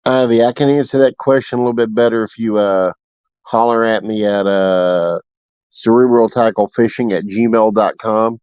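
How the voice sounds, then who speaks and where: A man's voice: on the low side, fairly even intonation, moderate pace, clear, resonant tone, dry recording. A man hosting a fishing livestream, chatting casually and telling stories with fillers. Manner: laid-back storytelling with fillers. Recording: dull dry audio.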